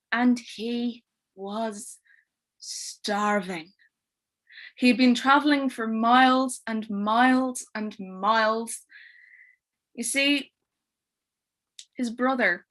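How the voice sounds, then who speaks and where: A woman telling a twisted fairy tale aloud in a playful, expressive way with dry wit. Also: fairly high pitch. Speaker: storyteller. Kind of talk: oral storytelling.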